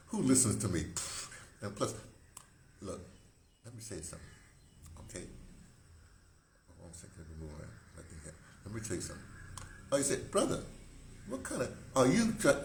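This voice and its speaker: A man around seventy, hosting a rambling, casual monologue, often breaking off and circling back mid-thought. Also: sits low. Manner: digressive, self-interrupting, conversational. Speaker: host. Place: room, indoors. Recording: echoey room with faint hiss.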